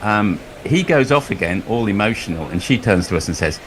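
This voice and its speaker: A man's voice: fairly low pitch, lively intonation, a little fast, fairly bright tone, a little hiss or hum. A man commentating on cricket ball by ball, drifting into a long, chuckling anecdote between deliveries. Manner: rambling storyteller, chuckles often.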